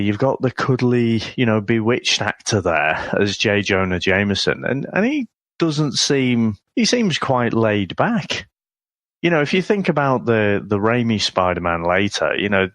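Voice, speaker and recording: A man's voice: lowish voice, a bit bright, no room sound. A man co-hosting a film review podcast, chatting casually with an amused, chuckling and thoughtful manner. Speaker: podcast co-host.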